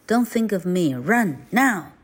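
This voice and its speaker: A woman's voice: mid-range voice, sing-song, slow pace. A woman voicing a protective mother deer who urges her fawn to run, reading a storybook aloud. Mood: urgent.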